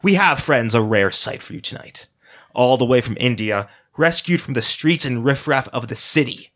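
A man's voice: mid-range voice, lively intonation, fairly bright tone, natural voice. A man voicing a charming, sinister bald male auctioneer who talks like a preacher, in a read-aloud story. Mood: showman, smug. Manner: preacher-like oration, drawn-out words. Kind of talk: story reading.

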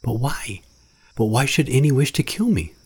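Eager jungle boy, raised and bright over a husky base, read by a man. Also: mid-range voice, big pitch swings, moderate pace, voice pushed up.

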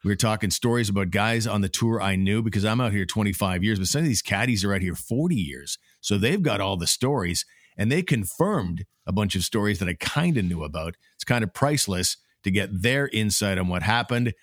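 Low-voiced man hosting sports chat. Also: expressive, fairly quick, no room sound, studio quality. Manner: easygoing, many uh fillers. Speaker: podcast host.

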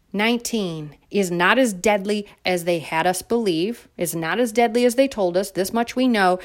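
Sarcastic, indignant woman ranting. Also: mid-range voice. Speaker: political commentator. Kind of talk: opinionated monologue to viewers.

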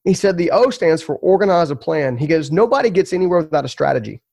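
Guy, quick earnest storytelling, a bit higher voice, dry close mic. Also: creaky, dry recording. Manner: earnest, emphatic, repeats words when excited. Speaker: podcast guest, entrepreneur. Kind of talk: storytelling in a podcast interview.

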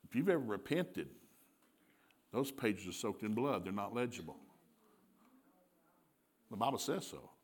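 A male preacher giving a sermon with animated storytelling, laughing often and acting out dialogue. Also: lowish voice, measured pace, long pauses, breathy edge.

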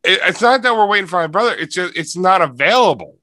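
A man co-hosting a podcast, joking casually and reading out quick plugs. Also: high voice, lively intonation, sharp tone. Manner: joking, then brisk sign-off plugs. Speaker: podcast co-host. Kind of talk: casual chat.

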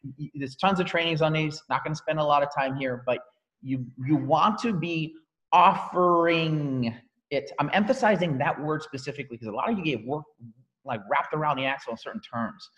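A man leading a team training call, energetic and emphatic, repeating key phrases for effect. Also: on the high side, fast, big-room sound. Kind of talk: motivational training talk on a call.

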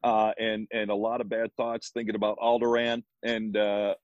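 Easygoing Midwestern man, mid-pitched, muffled dry recording. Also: flat delivery, normal speed, no echo. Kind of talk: casual chat.

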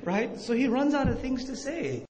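High-voiced man lecturing in an echoey hall. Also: very animated, normal speed. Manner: questions the audience and answers himself; acts out quoted speech with rising emphasis. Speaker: Islamic teacher. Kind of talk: religious lecture to a live audience. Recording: echoey hall with faint noise.

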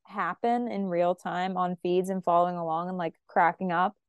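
A woman hosting a casual podcast chat, animated and giggly as she retells moments with quoted reactions. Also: on the low side, moderate pace, clean tone, no echo, dull audio. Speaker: podcast host.

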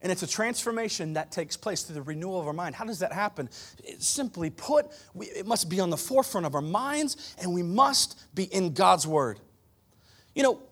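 A man preaching a sermon to a live church congregation, emphatic and conversational, dropping from loud declarations into quiet, joking asides. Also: sits high, slightly rough. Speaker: pastor.

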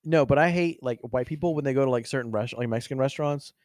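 A man's voice: medium pitch, quick pace, darkish tone, no echo, studio quality. A young man hosting a casual podcast, joking and swearing freely, laughing often. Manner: joking, profane, laughs often, breaks into silly impressions. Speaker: podcast host.

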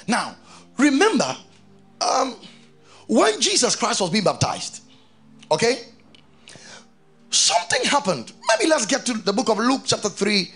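High, gravelly-voiced preacher man. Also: a little slow, pauses often, soft background music. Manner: animated, keeps questioning the congregation; reads scripture aloud between explanations. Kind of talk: sermon to a congregation.

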